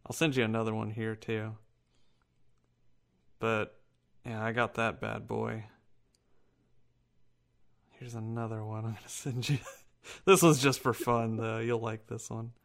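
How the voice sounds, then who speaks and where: A man's voice: on the low side, flat delivery, a little slow, gravelly, long pauses. A man co-hosting a podcast in loose, profane casual chat, laughing often. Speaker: podcast co-host.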